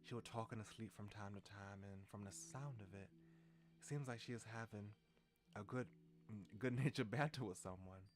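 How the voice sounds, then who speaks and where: A man's voice: lowish voice, moderate pace. A man streaming a story game, reading its lines aloud and often restarting and correcting himself.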